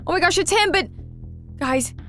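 A woman hosting a gaming video, narrating an excited role-play and chatting straight to her viewers. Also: very high-pitched, moderate pace, faint music behind. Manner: bubbly, talks straight to viewers.

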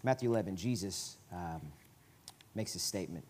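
A man with a Southern US accent, a guest preacher giving a conversational sermon in a church, swinging from quiet asides to emphatic, loud bursts. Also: deep voice, normal speed, a little hiss or hum. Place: church sanctuary.

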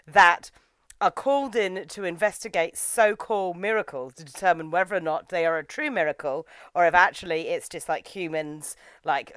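A woman's voice: lowish voice, fairly bright tone, dry recording. A woman hosting a podcast, chatting casually and enthusiastically while recapping an anime. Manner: enthusiastic, gushing, acts out quotes. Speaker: podcast host. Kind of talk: casual anime review chat.

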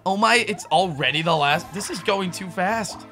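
A man hosting a casual gaming session with friends, excitable and quick to laugh and shout. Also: high-pitched. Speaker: host. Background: game music.

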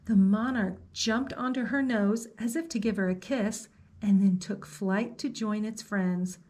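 Librarian reading a storybook to kids, slow, gentle, soft-spoken, woman. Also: medium pitch, fairly even intonation. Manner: slow, gentle, asks the listener questions. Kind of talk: reading a picture book aloud to children.

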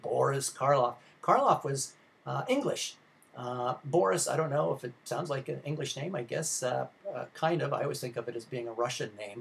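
A man giving a film history class lecture, talking loosely with many fillers and restarts. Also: mid-range voice.

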